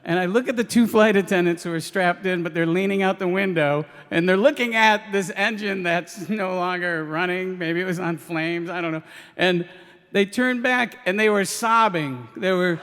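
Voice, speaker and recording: A man's voice: high-pitched, moderate pace, fairly bright tone, long reverb tail. A man doing live stand-up storytelling, hesitant and full of ums, laughing through his lines. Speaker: stand-up comedian. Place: live radio stage before an audience.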